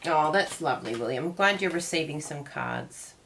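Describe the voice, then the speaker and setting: A woman's voice: sits low, animated, normal speed, background noise. A woman hosting a cardmaking tutorial, chatting casually and digressing as she crafts.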